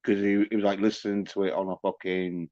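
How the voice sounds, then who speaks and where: A man with a fairly low, dark voice delivers a profane livestream rant at a brisk clip, his tone level while he swears constantly. The stream audio is dull and lo-fi, with no echo.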